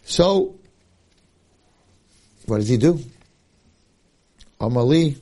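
A man giving a Torah lecture, telling a story in an animated, dramatic way and speaking straight to his listeners. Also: mid-range voice, extremely slow.

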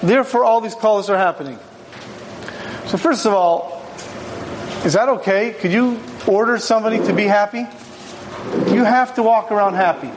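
This man's voice is high-pitched, at a moderate pace with frequent pauses, and there's background noise. He's a rabbi leading a Torah class in a conversational way, weaving in stories and rhetorical questions.

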